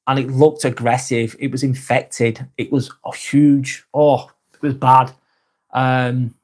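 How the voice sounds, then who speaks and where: A man hosting a live vlog, talking frankly and earnestly, swearing often and restarting his sentences. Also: mid-range voice. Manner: earnest and sympathetic. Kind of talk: casual live-stream chat.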